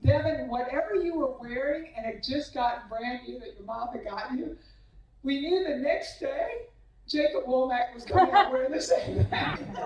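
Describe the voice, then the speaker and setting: High-voiced woman telling teasing coaching stories. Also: moderate pace, darkish tone. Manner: teasing anecdotes, acts out quoted voices. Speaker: tennis coach giving a banquet speech. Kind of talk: humorous after-dinner speech. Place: banquet hall at a club. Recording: echoey banquet hall, mic from a distance.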